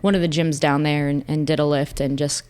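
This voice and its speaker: Casting: woman, 30s, podcast co-host, lower-pitched, joking and casual. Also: flat delivery, a little fast, darkish tone, clean tone. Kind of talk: casual chat.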